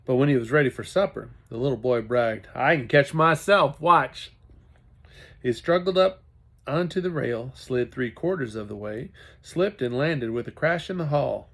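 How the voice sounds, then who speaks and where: A man's voice: medium pitch, lively intonation, moderate pace, vocal fry. A man reading a children's novel aloud as a hobby, with occasional self-corrections. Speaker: reader.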